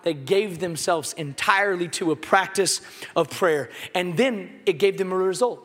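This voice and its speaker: A man preaches to his congregation in a very high, bright voice, breaking into jokes and then rising to a shout on the lines he wants to land. His sermon rings with the long reverb of a big hall. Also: normal speed. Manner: animated, joking preacher who shouts key lines. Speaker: pastor.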